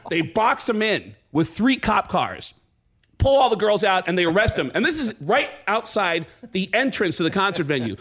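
Canadian man, higher voice, comic radio storyteller, does all the characters' voices, laughs through it. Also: a bit bright. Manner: acts out other people's lines, pitch jumping high and low, laughing through the story. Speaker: comedian guest telling a story. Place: radio studio.

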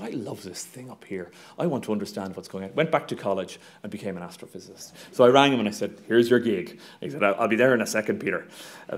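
A middle-aged Irish man, an astronomy professor, giving a lively, humorous public talk with slides and plenty of ums and uhs. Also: lowish voice. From Ireland.

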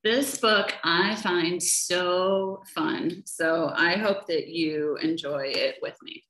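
A woman educator reading a picture book aloud to young children, gentle and slow, often asking them questions, over a webcam. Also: lowish voice. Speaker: children's nature program educator. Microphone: laptop or webcam for a video session. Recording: echoey room.

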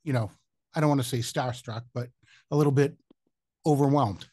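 A man's voice: medium pitch, normal speed, warm tone, no echo. A man hosting a podcast interview, friendly and guiding the conversation with his questions. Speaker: podcast host.

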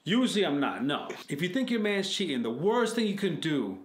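A man's voice: a little high, brisk, echoey room. A man co-hosting a casual advice chat, blunt and profane, acting out what people say. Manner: blunt, profane, animated, acts out quotes. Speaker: co-host of an advice show.

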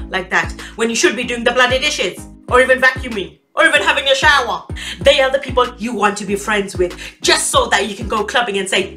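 Brief: woman, comedy monologue, exasperated rant, high voice with a sharp edge. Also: fast talker, soft background music. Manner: ranting, exasperated, swears often. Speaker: comedy youtuber.

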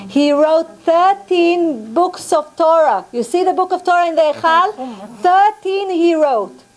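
A woman with a very high voice gives a religious lesson to a women's class. She tells the story with animation, going back over her phrases and mixing in words. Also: measured pace. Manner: animated storyteller, repeats phrases, mixes in Hebrew. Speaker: rabbanit teaching a women's class.

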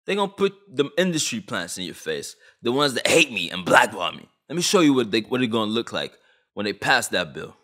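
A man's voice: medium pitch, very animated, fairly quick, a bit bright. A young man from Canada ranting on camera about a law, agitated, blunt and full of slang. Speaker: vlogger. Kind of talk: heated opinion rant.

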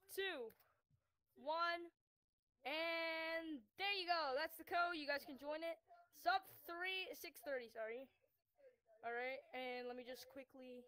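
A woman's voice: high-pitched, fairly bright tone. A woman live-streaming a VR game, chatting casually and rambling with lots of fillers and restarts into a headset mic.

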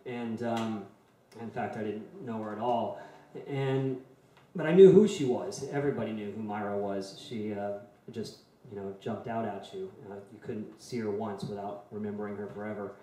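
A man in his forties telling a personal story in a soft, halting way before playing a song. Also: fairly low pitch, fairly even intonation. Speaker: singer-songwriter. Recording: very echoey room.

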